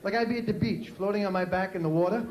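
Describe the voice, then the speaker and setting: On a comedy club stage, a male comic from New York City, New York accent and all, fires off wry, self-deprecating bits that land with punchy punchlines for a live crowd. He's high-pitched and quick, with crowd noise, club echo and old VHS tape hiss around him.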